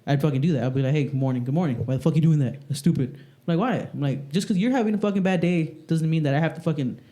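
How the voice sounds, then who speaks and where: A man speaking quickly and colourfully on a podcast, his speech packed with curses and acted-out exchanges. His voice sits a bit high for a man but has a mellow, dark colour. He sounds like someone who works with kids at a school and is swapping stories with friends. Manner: profane, animated storytelling. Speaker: podcast co-host; school staff working with kids. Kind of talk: casual chat.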